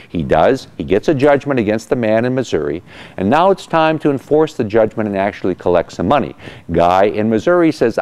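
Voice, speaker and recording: A man hosting a weekly legal explainer as an attorney, telling a case as an animated story and acting out the people in it. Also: fairly low pitch, normal speed. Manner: animated storyteller, acts out quotes. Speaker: attorney host of legal segment.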